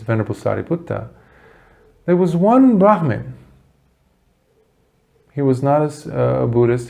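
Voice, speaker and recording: A man giving a Buddhist dharma talk, telling a story earnestly with dramatic pauses. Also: mid-range voice, vocal fry, a little mellow. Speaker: Buddhist teacher.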